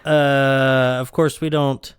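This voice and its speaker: A man's voice: mid-range voice, flat delivery, takes it slowly, clear, resonant tone, no room sound, studio quality. A man hosting a podcast in casual chat, rambling with many fillers and frequent laughter. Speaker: podcast host.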